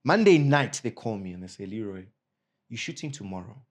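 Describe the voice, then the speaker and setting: A man from Zimbabwe, an actor, telling stories from his career in a casual interview, lively and often laughing. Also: fairly low pitch, a little fast. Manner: animated, bursts into a put-on Nigerian accent and laughter. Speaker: actor guest.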